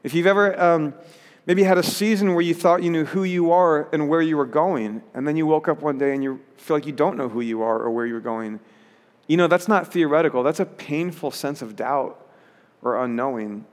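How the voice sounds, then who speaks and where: A man's voice: on the high side, moderate pace, in a large hall. A pastor preaching a sermon in an earnest way, rising to emphatic peaks as he reads scripture.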